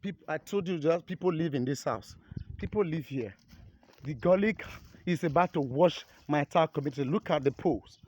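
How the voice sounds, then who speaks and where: A Nigerian man with a notably high voice pleads urgently, repeating himself as he films outdoors. He talks into a handheld phone with faint background noise. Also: normal speed, darkish tone. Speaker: local resident filming his community. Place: outdoors by an eroded road.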